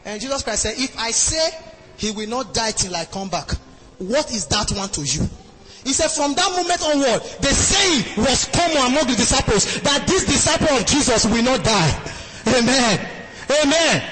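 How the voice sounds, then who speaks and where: High-pitched preacher man in an echoing hall. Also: expressive, normal speed. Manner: call-and-response preaching, sing-song cadence, bursts of shouting. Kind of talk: sermon. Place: church hall.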